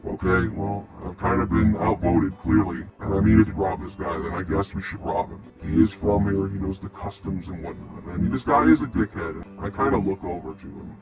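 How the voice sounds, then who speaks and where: A man's voice: low-pitched, brisk, hardly any pauses, over loud music. A man playing in a tabletop game, crude and exasperated, sometimes sarcastic. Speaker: player. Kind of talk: casual tabletop play.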